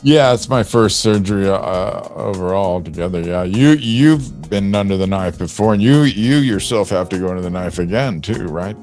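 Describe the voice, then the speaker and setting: A man hosting a podcast, talking hoarsely after throat surgery, rambling through a story with lots of fillers. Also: low voice, expressive, normal speed, hardly any pauses, a little mellow, faint music behind. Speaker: podcast host. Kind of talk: casual chat.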